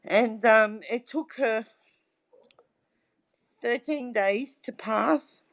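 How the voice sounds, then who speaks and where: Slow, chatty middle-aged woman. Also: a little high. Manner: chatty storyteller, tags lines with "right?". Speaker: guest. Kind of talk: casual interview chat.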